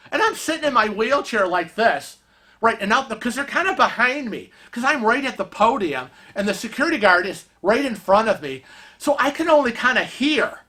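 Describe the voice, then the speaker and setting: A vlogger telling a story in a casual, animated and indignant way, often restarting sentences. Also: medium pitch, normal speed.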